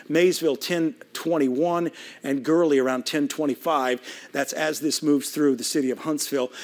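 A man giving live severe weather coverage as a TV meteorologist, talking urgently while working the radar from a weather studio. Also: on the high side.

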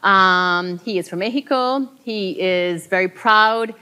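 A woman's voice: mid-range voice, slow pace, sharp tone, clean tone. Woman keynote speaker, mid-range voice, earnest and emphatic advocacy tone. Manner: earnest, emphatic, with laughing asides. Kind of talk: conference keynote speech. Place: conference hall.

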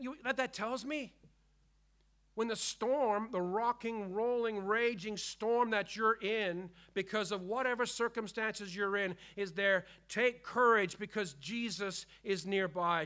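A man preaching a sermon as pastor, emphatic and repetitive, dropping to hushed tones and rising again. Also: high-pitched. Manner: emphatic preaching, swinging between hushed and loud; repeats key phrases for emphasis. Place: church.

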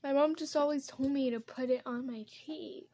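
A woman's voice: high voice, fairly even intonation, moderate pace, warm tone. A young woman chatting casually as she does her makeup at home, rambling from one topic to the next. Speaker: vlogger. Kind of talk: casual get-ready-with-me chat.

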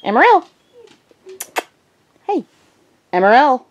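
A woman's voice: high voice, big pitch swings, slow pace, highs cut off. A young woman vlogging casually, giving her dog short firm commands and sing-song praise.

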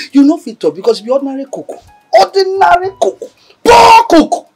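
An actor with a Nigerian accent playing a cheeky young houseboy who mocks and teases in a sing-song way. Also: male voice, very high voice, lively intonation, quick pace, warm tone, husky, faint music behind, full character voice. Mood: mocking. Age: young adult. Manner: mocking, teasing, sing-song. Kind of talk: film acting.

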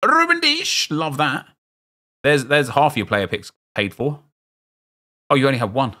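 A man's voice: mid-range voice, unhurried, a bit bright. A man with a South London accent giving casual, rambling commentary while opening packs in a football video game, joking with his chat. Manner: chatty, rambling, jokey asides to chat. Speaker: streamer.

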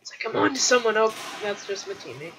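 A woman giving excitable gameplay commentary, yelling and trash-talking her opponents. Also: mid-range voice, quick pace, slight background noise, rough recording.

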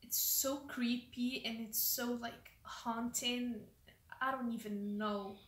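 A woman's voice: on the high side, steady tone, slow pace. A woman hosting a reaction video, rambling casually with lots of "like" and trailing off mid-sentence. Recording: roomy echo.

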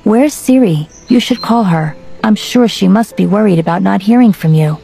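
A woman's voice: mid-range voice, lively intonation, normal speed, warm tone, faint music behind, close to an everyday voice. Woman voicing a fretful, tender mother. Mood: anxious tender. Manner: anxious, tender. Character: worried loving middle-aged mother.

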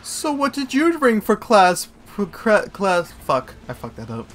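Excitable man gaming with a friend. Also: high-pitched, a little slow. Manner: excitable, swears and laughs a lot, argues loudly. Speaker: co-op game player. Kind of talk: casual gaming banter.

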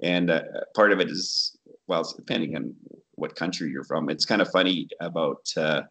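A man's voice: sits low, normal speed, a bit bright. A man being interviewed as a guest, musing aloud, searching for words and laughing often. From Canada. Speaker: guest, Bigfoot researcher. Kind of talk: casual interview chat.

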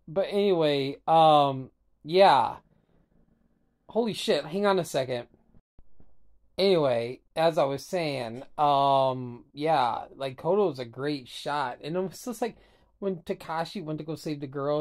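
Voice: medium pitch, unhurried, a little mellow. A sleepy vlogger casually recapping an anime episode, rambling and swearing freely with lots of fillers. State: sleepy, barely awake.

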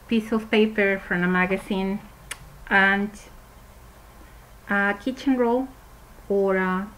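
A woman leads a preschool craft lesson in a cheerful, sing-song voice. She speaks slowly and plainly for small children, at a middling pitch. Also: fairly bright tone, low-quality recording. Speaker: preschool teacher.

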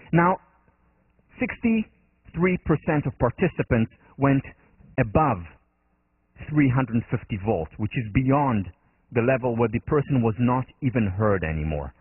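A man's voice: mid-range voice, animated, normal speed, long pauses, no room sound. Male lecturer, Israeli accent, earnest explainer, thin dry lo-fi recording. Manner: earnest, explanatory, acts out quotes in the story. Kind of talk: university lecture. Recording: dry, phone-like narrow band.

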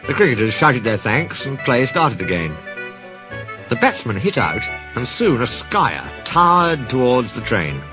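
Expressive male storybook narrator. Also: mid-range voice, measured pace. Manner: expressive, playful. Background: background music.

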